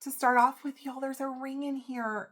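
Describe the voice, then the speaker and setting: A woman, getting over a cold, unboxing jewelry in a casual vlog, gushing and emotional with gasps and soft whispers. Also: sits high, fairly even intonation, normal speed. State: recovering from a cold. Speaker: reseller vlogger.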